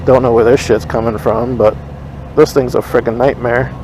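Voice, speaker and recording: A man's voice: medium pitch, fairly even intonation, moderate pace, a little mellow, rough recording. A man vlogging from his motorcycle, casually rambling and retelling an argument, blunt and profane. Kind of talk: casual rambling storytelling while riding. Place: riding a motorcycle on city streets outdoors. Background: faint street and traffic noise.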